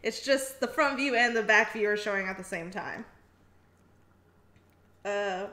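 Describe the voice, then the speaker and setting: A woman's voice: mid-range voice, measured pace, bright, forceful tone, roomy sound. A woman co-hosting a casual art livestream, chatting and reading viewer comments aloud with frequent giggles. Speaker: stream co-host reading chat.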